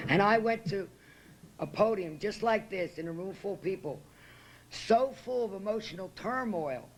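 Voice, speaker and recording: With lively intonation and a medium-pitched voice at normal speed, a woman recounts her recovery at a meeting, standing behind a podium. She's blunt, emotional, and swears freely. A little hiss or hum is present.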